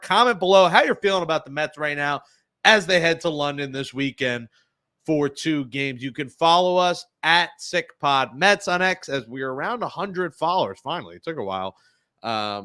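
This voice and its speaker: A man hosting a sports podcast, talking casually with jokey, animated asides. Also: on the high side. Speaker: podcast host.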